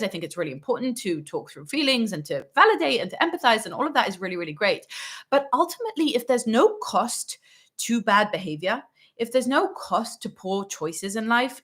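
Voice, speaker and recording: A woman's voice: fairly high pitch, a bit bright. A woman hosting a parenting channel, answering a viewer's question in a casual, emphatic monologue that often checks in with "right?" and "okay". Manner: acts out quoted parents in little voices.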